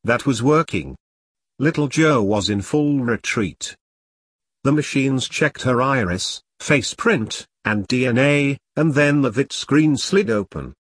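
A man narrating a first-person detective novel in a wry, deadpan, self-mocking way. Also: mid-range voice, slow, husky, no room sound, clean studio sound. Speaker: audiobook narrator.

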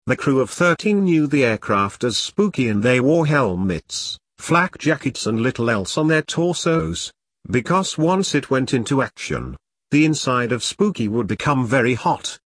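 Male audiobook narrator, mid-pitched, reads punctuation aloud, dry sound. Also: fairly bright tone, dry recording.

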